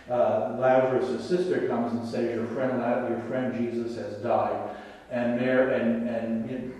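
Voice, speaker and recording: A man's voice: mid-range voice, a little mellow, distant mic. Man teaching in an echoey hall. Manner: rambling, conversational, many restarts. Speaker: catechism teacher. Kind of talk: informal religious class talk.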